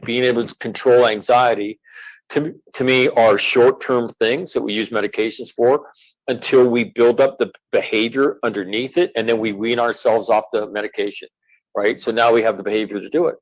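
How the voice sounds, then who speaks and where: A middle-aged man, a former Marine, talking in an earnest, measured way with frequent fillers as an interview guest. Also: medium pitch, a little mellow, low-quality recording. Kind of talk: reflective interview talk.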